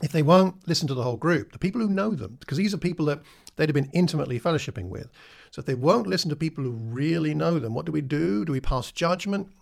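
A man's voice: on the high side, expressive, quick pace, creaky. Conversational man teaching Bible class. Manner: conversational, asks listeners questions, acts out quoted lines.

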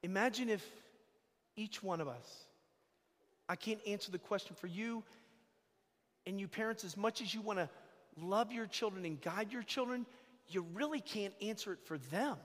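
High-voiced priest preaching in echoing church. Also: male voice, moderate pace, long pauses, a bit bright. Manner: emphatic storytelling, repeating key phrases. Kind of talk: sermon. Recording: long echo of a church hall.

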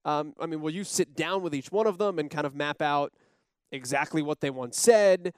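Smooth-voiced man asking winding questions. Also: on the high side, normal speed, no room sound, clean studio sound. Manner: long, winding questions with ums. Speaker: interview host. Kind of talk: casual interview questions.

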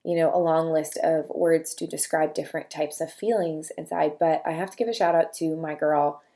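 A young woman hosting a podcast, talking casually to listeners, then reading a long list of feeling words slowly and softly one at a time. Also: sits low, steady tone. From California. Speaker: podcast host.

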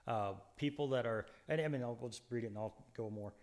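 A man of ordinary pitch co-hosts a conversational Bible study. He explains scripture in an earnest, preacherly manner, often restarting his sentences, and he leans hard on his key points. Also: quick pace, hardly any pauses, darkish tone. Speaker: co-host Bible teacher.

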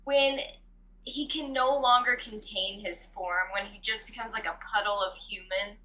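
A woman co-hosting a casual podcast chat, speaking in a measured, halting way. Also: medium pitch, steady tone, pushed and bright, a little hiss or hum, rough recording. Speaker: podcast co-host.

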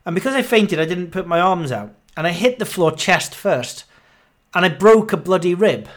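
A man in his thirties hosts a podcast, delivering a casual monologue in a high, expressive voice at normal speed. He's out of breath, rambling and grumbling with self-mocking humor.

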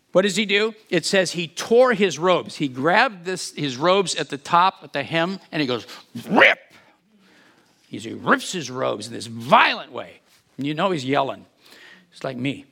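Male preacher, high bright voice, animated teaching delivery. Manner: animated, acts out quotes, rhetorical questions. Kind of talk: sermon, expository Bible teaching.

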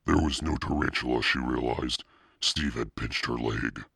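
A man reading a children's novel aloud as narrator in a steady, plain storytelling manner. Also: very deep voice, normal speed, gravelly, husky, dry recording, studio quality. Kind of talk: audiobook reading.

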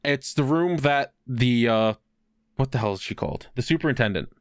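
A young man telling a long anecdote in a casual chat, swearing freely and getting animated when quoting people. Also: mid-range voice, normal speed, dry recording, clean studio sound.

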